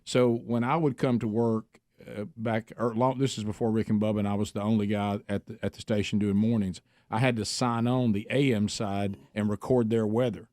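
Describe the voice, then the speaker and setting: A man co-hosting a radio show, telling stories in a casual, animated way and acting out the quoted voices. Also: fairly low pitch, a little fast, hardly any pauses, dry recording, clean studio sound. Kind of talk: casual talk radio storytelling. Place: radio studio. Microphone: studio microphone.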